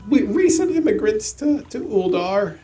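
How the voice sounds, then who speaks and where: A man playing a tabletop game, speaking in a polite, formal, halting way. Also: high-pitched, very animated, echoey room, over music. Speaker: player.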